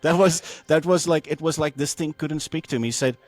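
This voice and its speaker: A man guest on a podcast telling a personal testimony in an animated way, acting out the voices he quotes, with many fillers and restarts. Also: fairly high pitch, brisk, dry recording.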